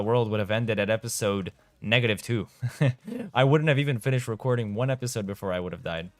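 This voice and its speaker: A man's voice: fairly low pitch, no room sound. A young man from Europe, chatting casually on a game live stream, reading out and answering chat and laughing often. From Eastern Europe. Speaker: gaming streamer.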